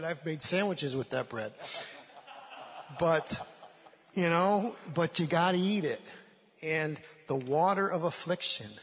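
A man's voice: a little high, fairly bright tone, husky, big-room sound. A man giving sermon-style Bible teaching, acting out quoted voices with rising emotion.

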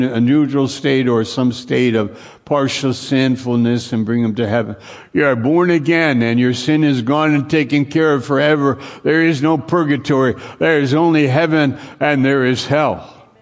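A man preaching a sermon slowly and earnestly, repeating phrases for emphasis and often dropping to a hushed, low voice. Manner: slow, earnest preaching with long pauses, sinking to a hushed low voice.

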